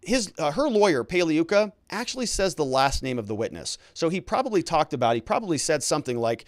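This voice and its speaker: A man's voice: a little high, very animated, a little fast, no echo, clean studio sound. A man, an attorney host, giving conversational legal commentary and explaining things with filler words.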